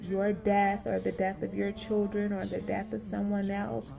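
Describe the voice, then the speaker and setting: A woman mimicking a soft-spoken polite office assistant. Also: mid-range voice, little pitch movement, vocal fry, music in the background. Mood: polite, measured. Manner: soft, measured, hesitant with fillers. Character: polite, careful female medical office assistant.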